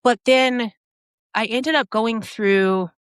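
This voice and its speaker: A woman's voice: fairly high pitch, slow pace, clear, resonant tone, dry recording, studio quality. A woman telling a personal story as a podcast guest, animating it by acting out other people's lines and her own reactions, in a casual, restart-filled way. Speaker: podcast guest, app founder.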